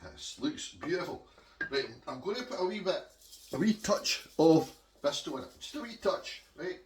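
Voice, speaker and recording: A man's voice: fairly high pitch, animated, moderate pace, roomy sound, distant mic. Chatty Scottish man cooking at home. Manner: chatty, homely, talks to viewers as he cooks. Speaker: home cook vlogger. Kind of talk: casual cooking demonstration. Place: home kitchen.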